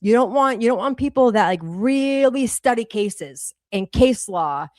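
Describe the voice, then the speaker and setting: A woman's voice: on the high side, lively intonation, measured pace, a little mellow, no room sound, studio quality. A woman in her forties with a Boston accent, co-hosting a livestream and ranting bluntly with lots of swearing. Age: 40s. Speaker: livestream co-host. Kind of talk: heated casual commentary.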